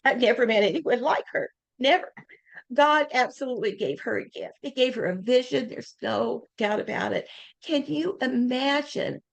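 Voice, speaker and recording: Older woman telling lively anecdotes. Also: on the high side, normal speed, vocal fry. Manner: lively anecdotes, acts out quoted voices. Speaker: guest speaker. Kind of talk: casual storytelling talk.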